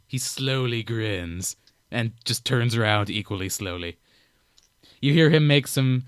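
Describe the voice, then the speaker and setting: A young man narrating and explaining rules as game master of a tabletop game, relaxed and playful. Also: mid-range voice, clean tone, dry recording, studio quality.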